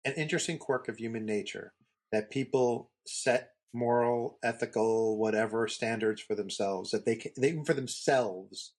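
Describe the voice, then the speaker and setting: A man co-hosting a podcast in casual chat, trading quick, teasing banter. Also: medium pitch. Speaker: podcast co-host.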